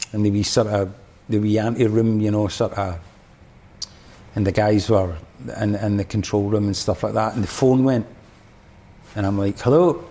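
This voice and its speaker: A man's voice: on the low side, a little mellow. A man with a Scottish accent, a podcast guest and former drummer, telling a rambling story full of restarts and fillers. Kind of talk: casual storytelling.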